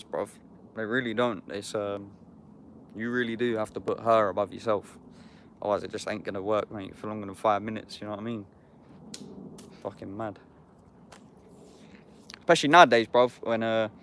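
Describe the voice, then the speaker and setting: Slangy young man from England. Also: lowish voice. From Epsom, England. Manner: slangy and sweary, keeps saying bruv. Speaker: YouTuber talking to viewers. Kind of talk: casual livestream chat.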